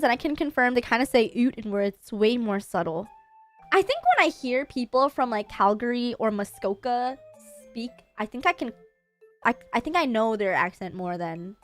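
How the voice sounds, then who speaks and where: A woman from Canada with a Canadian English accent, hosting a casual livestream chat in a playful, chatty way with quick laughs. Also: on the high side, sing-song, soft background music. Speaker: livestream host.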